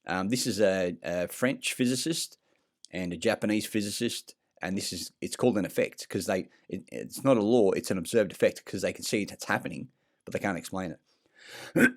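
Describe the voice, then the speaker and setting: A deep-voiced man rambles through a self-recorded vlog, circling back on himself with fillers and false starts. He is blunt and swears freely. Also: normal speed. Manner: rambling, meandering, frequent fillers and restarts; blunt and profane. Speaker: vlogger. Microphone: self-recorded clip.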